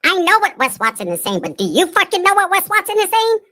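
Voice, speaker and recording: A man doing an impression of a high-voiced, preachy man who lectures condescendingly. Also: huge pitch swings, quick pace, bright, forceful tone, exaggerated voice.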